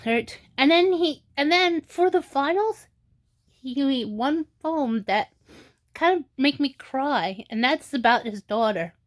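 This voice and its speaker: A woman vlogger giving casual commentary, halting with many restarts and fillers, at times tearful. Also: high voice, lively intonation. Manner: tearful and emotional in places.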